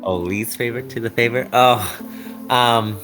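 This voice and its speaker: A man's voice: mid-range voice, steady tone, moderate pace, music in the background. Hesitant man on a podcast panel. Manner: hesitant, many fillers. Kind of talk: casual group chat.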